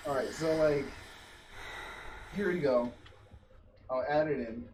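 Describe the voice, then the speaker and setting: A man's voice: a little high, takes it slowly, a little mellow, a little hiss or hum. A man hosting a casual livestream talk show, rambling, restarting sentences and giggling often. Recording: distant mic with music behind. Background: music.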